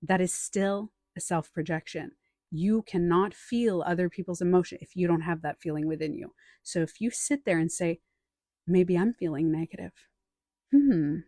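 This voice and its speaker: A woman's voice: lowish voice, normal speed, dry recording, clean studio sound. A woman life coach and author talking on a live stream, telling stories with acted-out quotes and answering the chat. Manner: chatty, animated storytelling with acted-out quotes.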